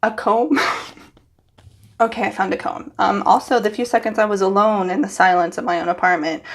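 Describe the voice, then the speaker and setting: A young woman hairstylist uses a mid-range, steady-toned voice and a brisk pace while talking to her phone. Standing in her bathroom at home, she does casual vlog self-talk, sounding nervous and giggly.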